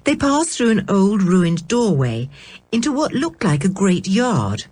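A woman reading a children's storybook aloud in a measured, expressive way. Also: medium pitch, breathy edge, no echo. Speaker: audiobook reader. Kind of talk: storybook narration.

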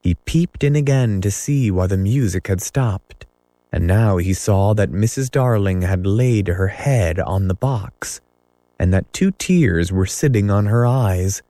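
A man reading a children's story aloud as narrator, in measured storytelling. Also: lowish voice, expressive, mellow, no echo. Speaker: audiobook narrator. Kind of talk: scripted narration.

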